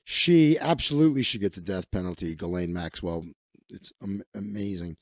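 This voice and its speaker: A man's voice: sits low, moderate pace, a little mellow, no echo, clean studio sound. Crude sarcastic man riffing on news. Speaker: livestream host. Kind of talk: casual comedic livestream commentary.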